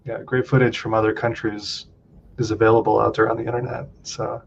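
A man co-hosting a casual livestream chat in a relaxed, easygoing way. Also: a little fast, gravelly. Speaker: livestream co-host. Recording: dull lo-fi audio with faint rumble.

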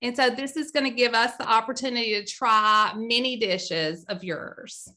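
A woman's voice: fairly high pitch, moderate pace, sharp tone. A woman chatting casually and eagerly about plans for her book club's cooking night. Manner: eager, upbeat, explaining plans. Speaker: book club organizer. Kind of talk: casual chat.

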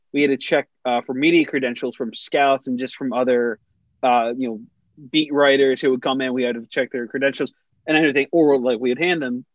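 A man's voice: medium pitch, no room sound, dull audio. A young man casually telling a funny story on a podcast, rambling with many restarts and laughing as he goes.

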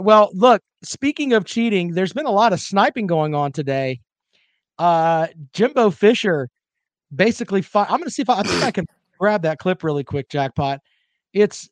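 A man's voice: high-pitched, no room sound. A man hosting a casual sports talk show, rambling and joking while he fumbles for clips.

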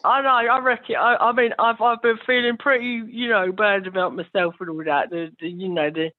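A man's voice: sits high, level tone, fairly quick, no room sound, natural voice. Brief: man doing a hesitant, mumbling sad sack, dry, phone-quality audio. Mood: sheepish. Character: heartbroken, insecure man out at a bar. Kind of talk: improv scene. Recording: tinny phone-like line.

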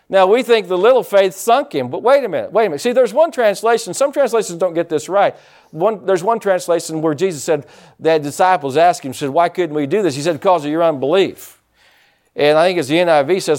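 Delivering a sermon in a high voice, this male pastor is animated throughout. He dramatizes quotes and prompts responses from the congregation.

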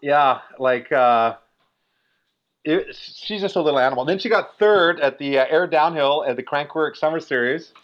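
A man in his forties telling a story in a casual, animated way, full of "like" fillers. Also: on the high side, moderate pace. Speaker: guest. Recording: dull lo-fi recording.

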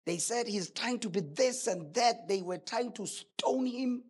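A man's voice: very high-pitched, unhurried, husky. A male preacher delivering a sermon emphatically, asking rhetorical questions.

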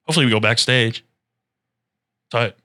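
A man's voice: medium pitch, normal speed, sharp tone. A man co-hosting a podcast, trading dry jokes in casual chat. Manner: dry joking banter. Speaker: podcast co-host.

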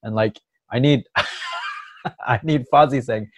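A man's voice: medium pitch, measured pace, a bit bright. A man in a casual comedic chat, enthusiastic and laughing a lot.

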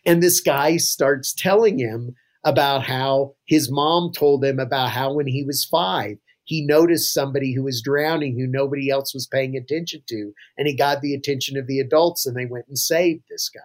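A man's voice: mid-range voice, normal speed, few pauses. A man, a pastor, telling anecdotes as a guest in a casual podcast interview, chuckling now and then. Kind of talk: conversational storytelling interview.

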